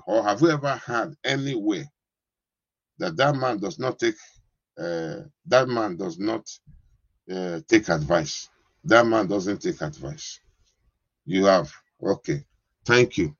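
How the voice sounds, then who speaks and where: A man's voice: fairly low pitch, husky, no room sound, highs cut off. A man preaching a sermon as a pastor, repeating himself and often asking the congregation if they understand. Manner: repetitive, keeps asking "you understand?".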